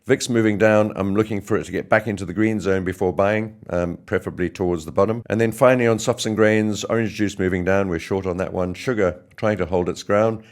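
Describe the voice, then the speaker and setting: A hoarse man hosting a casual trading market update, talking through his positions chart by chart. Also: fairly low pitch, steady tone, brisk, few pauses, darkish tone. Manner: chatty, self-correcting. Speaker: market analyst host.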